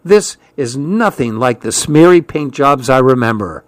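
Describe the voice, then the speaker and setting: Male narrator for a first-person novel: measured, slow delivery, dry booth sound. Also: mid-range voice, expressive, dry recording. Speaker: audiobook narrator.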